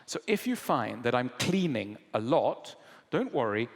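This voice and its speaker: A man's voice: medium pitch, unhurried. A man speaking, answering an audience question at a public lecture and acting out little dialogues as he explains. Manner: animated storyteller acting out quoted dialogue. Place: lecture hall. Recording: long hall reverb.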